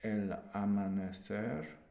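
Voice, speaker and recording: A man streaming himself learning a language, talking in a slow, hesitant way with fillers. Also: on the low side, gravelly, warm tone. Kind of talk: casual live stream commentary. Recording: roomy echo.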